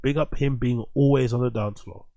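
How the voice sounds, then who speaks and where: A man casually commentating on clips he is watching, profane and animated, talking back at them. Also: mid-range voice, normal speed, creaky, over loud music. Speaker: streamer reacting to clips.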